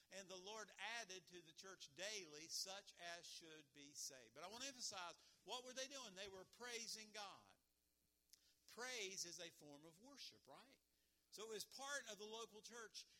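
A man's voice: high-pitched, bright, forceful tone. A man preaching a sermon, reading scripture and asking his listeners questions in a folksy way. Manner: folksy Bible teaching, asks listeners questions. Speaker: pastor.

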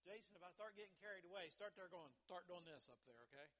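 Pastor guy preaching in church, high ringing voice, goes loud then drops quiet, asks the congregation to answer back. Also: expressive, fairly quick. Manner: rising and falling emphasis, call-and-response with congregation. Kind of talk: sermon. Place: church sanctuary.

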